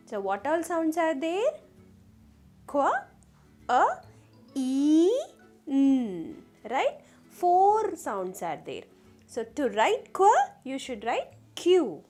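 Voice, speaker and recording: A kindergarten teacher gives young children a phonics lesson, sounding out letters one by one and repeatedly asking them questions. Her voice is high-pitched and sing-song with a darkish tone, and she takes it slowly. Faint music plays behind her.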